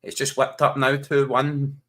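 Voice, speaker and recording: A Scottish man with a bright, forceful voice trades jokes while watching football live. He talks in broad slang and laughs often, in a mid-range pitch. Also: monotone, unhurried. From Scotland. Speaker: co-host. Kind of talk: casual live match-watching chat.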